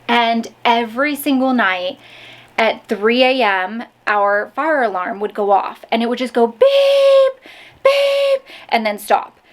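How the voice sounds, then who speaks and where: In her kitchen and bedroom at home, a woman films a daily vlog, telling casual stories to camera with plenty of fillers. Her voice is on the high side and a bit bright, a little slow, and she sounds out of breath.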